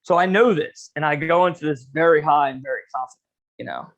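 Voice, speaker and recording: Young male podcast host, slightly high voice, rambling profane storyteller. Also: fast, a bit bright, dull audio. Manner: profane, laid-back storytelling with lots of "dude" and "you know". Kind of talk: casual storytelling chat.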